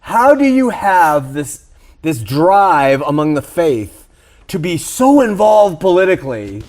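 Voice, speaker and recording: A man's voice: fairly high pitch, very animated, takes it slowly, a little mellow. A man hosting a faith talk show, pressing his co-hosts with provocative rhetorical questions. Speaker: show host.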